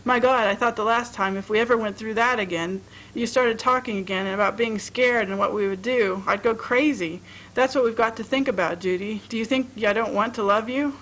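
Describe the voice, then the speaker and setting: A woman's voice: a little fast, a bit bright, poor audio. A woman reading aloud and voicing a weary, worried young man who speaks earnestly. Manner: low-key, earnest, worried.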